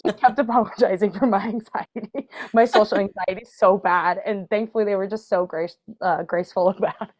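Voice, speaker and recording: A woman's voice: mid-range voice, fairly even intonation, brisk, hardly any pauses, darkish tone. A woman guest on a podcast, telling stories in a casual, chatty way and laughing often. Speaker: podcast guest, burlesque and drag performer. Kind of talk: casual storytelling chat.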